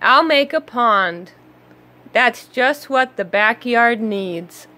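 Lady voicing a cheery busy storybook dog, bright and bouncy, slow sing-song. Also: fairly high pitch, animated, exaggerated voice. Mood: eager. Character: eager cheerful male dog, busy and helpful.

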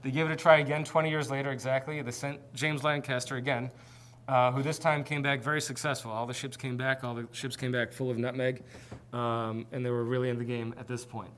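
Guy doing a seminar talk, storytelling history casually, mid-pitch voice, faint hiss behind. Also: level tone, brisk, fairly bright tone. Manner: conversational storytelling. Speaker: seminar presenter. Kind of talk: informal history lecture. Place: presentation with slides.

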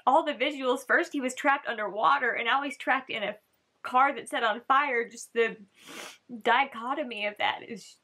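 A woman's voice: on the high side, moderate pace, sharp tone. A woman hosting a casual reaction video, chatting and thinking aloud, often restarting and trailing off.

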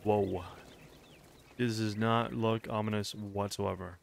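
A young man casually commentating a game as he plays, excitable and swearing, with shouted reactions. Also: fairly low pitch, takes it slowly, gravelly, a little hiss or hum. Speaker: gaming streamer. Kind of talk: let's play commentary. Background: game music.

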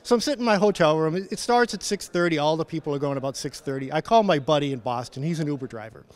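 Lively storytelling male engineer. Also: on the high side, fast. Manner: animated anecdote-telling, acts out quoted dialogue. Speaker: principal engineer, conference guest. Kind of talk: storytelling in an event interview. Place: conference floor.

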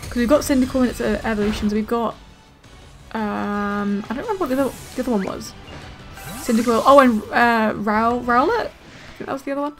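A young woman giving excitable, gasp-filled commentary while playing a video game and thinking aloud. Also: a little high, a little fast. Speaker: gaming let's player. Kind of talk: casual gameplay commentary. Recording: faint game music behind.

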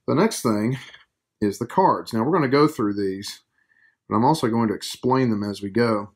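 A man's voice: on the low side, moderate pace. A man hosting a casual board game review, joking around while he explains the rules step by step.

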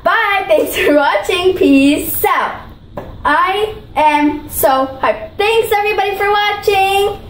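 A woman's voice: extremely high pitch, slow pace, reverberant, slight background noise, poor audio. A female vlogger talking in a bubbly, gushing way while she taste-tests food, repeating her praise. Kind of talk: food challenge vlog.

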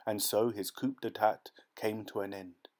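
Low-voiced man narrating an audiobook. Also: fairly even intonation, unhurried, a little mellow. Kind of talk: scripted narration.

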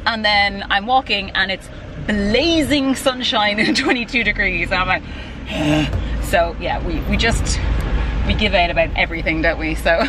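A woman's voice: medium pitch, unhurried, noisy background. An Irish woman chatting casually to camera from her car, rambling and self-deprecating. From Ireland. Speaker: vlogger. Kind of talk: casual vlog chat. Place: in a parked car.

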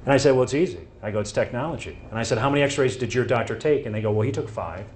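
Speaking very fast at medium pitch, a man gives a live medical presentation to a room, walking through cases and acting out his exchanges with patients and doctors. There's slight background noise.

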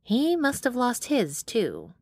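A woman's voice: on the high side, wildly swooping pitch, slow, no echo, pitched above the performer's own voice, heavily acted. A woman voicing a groggy, frightened young woman asking startled questions.

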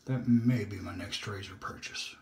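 A man hosting a shaving video, chatting in a relaxed, rambling way and talking to himself as he shaves. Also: fairly low pitch, moderate pace, slight background noise. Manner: relaxed, rambling, self-talk while shaving. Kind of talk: casual shaving vlog chat. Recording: echoey room.

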